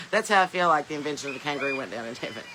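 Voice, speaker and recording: Her voice is deep, and the background is noisy. She's a podcast host with a Southern US accent, streaming casually from her smartphone while she rambles, laughs frequently, and reads viewers' comments out loud.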